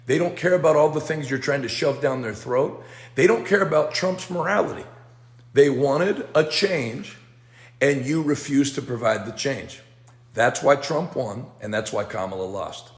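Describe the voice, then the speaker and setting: A man's voice: medium pitch, animated, moderate pace. Guy doing a political commentary monologue, firm and lecturing, echoey room. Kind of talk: scripted commentary. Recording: roomy echo.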